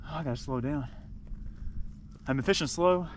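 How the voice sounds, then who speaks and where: A man hosting a fishing vlog, calling out excitedly from his kayak on a lake. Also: on the high side, normal speed. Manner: excited, repeated exclamations. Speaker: kayak angler and channel host. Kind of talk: casual fishing vlog commentary. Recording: distant mic with clear outdoor wind and water noise.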